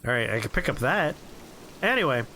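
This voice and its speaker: A man streaming a game, rambling through profane, relaxed anecdotes as he plays. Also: mid-range voice, brisk, slight background noise. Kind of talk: casual gameplay commentary and storytelling.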